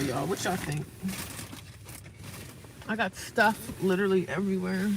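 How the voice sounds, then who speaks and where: A woman's voice: on the low side, moderate pace, far from the mic, noisy background. A tired woman chatting casually to viewers in a vlog, venting about her day while sitting in her parked car. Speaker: vlogger. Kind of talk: casual vlog chat to camera.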